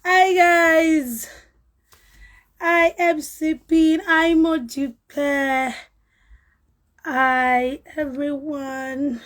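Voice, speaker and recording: A woman hosts a live stream in a high voice, speaking slowly and without hurry. A cold has roughened her voice. She chats casually and greets viewers by name. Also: level tone, poor audio. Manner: chatty, greets viewers by name, laughs often.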